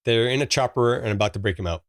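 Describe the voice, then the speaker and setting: A man's voice: mid-range voice, fast talker, no echo. Chatty man, dry close sound. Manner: chatty storyteller, frequent fillers and laughs. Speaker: podcast co-host. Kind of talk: casual movie review chat.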